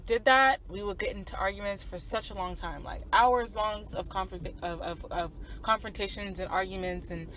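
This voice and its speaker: A woman's voice: medium pitch, moderate pace, few pauses, a bit bright, a little hiss or hum, low-quality recording. Candid young woman telling a story. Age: 20s. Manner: candid, profane, many fillers and asides to listeners. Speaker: podcast co-host. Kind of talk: casual storytelling chat.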